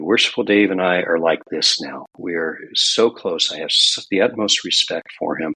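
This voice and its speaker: A man's voice: sits low, a bit bright, breathy edge, rough recording. An older man from California, a guest on a podcast, telling stories in an earnest, reflective way. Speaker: guest, past grand master of a Masonic lodge. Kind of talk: podcast interview.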